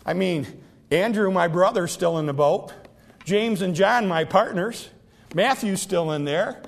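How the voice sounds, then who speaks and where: A man's voice: high-pitched, lively intonation, normal speed, vocal fry. A middle-aged man preaching a sermon, counting off numbered points and acting out quoted speech with rising emphasis.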